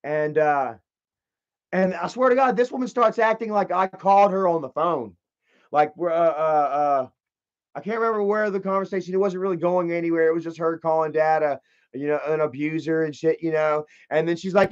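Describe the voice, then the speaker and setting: High-voiced man ranting a story. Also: moderate pace, highs cut off. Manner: profane, rambling, repeats himself. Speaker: channel host. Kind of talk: casual storytelling rant.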